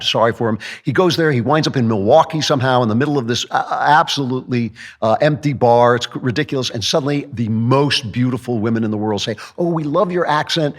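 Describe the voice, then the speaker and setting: Male host, wry and sarcastic, monologue delivery. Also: medium pitch. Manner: sarcastic, joking asides. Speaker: podcast host. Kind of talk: comedic political monologue.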